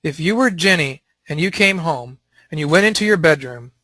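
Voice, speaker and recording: A man leads a Christian teaching session, animated and quick to act out what people might say. His voice is bright and a little high, and the sound is dry and close. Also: dry recording. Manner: animated, acts out quotes. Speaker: teacher leading a panel.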